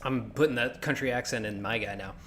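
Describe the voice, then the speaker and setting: A male gaming streamer gives casual let's-play commentary at medium pitch, a little fast, with a sharp tone and his voice a little sore. He chats and jokes while thinking aloud, and there's a slight hiss or hum.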